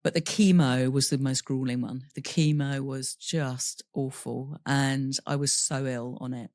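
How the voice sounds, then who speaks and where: A woman's voice: rumbling low, steady tone, a little slow, a little mellow, dry recording, studio quality. A woman guest on a podcast interview telling a personal story candidly, laughing through painful memories and acting out quoted dialogue. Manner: voices other people in quoted dialogue.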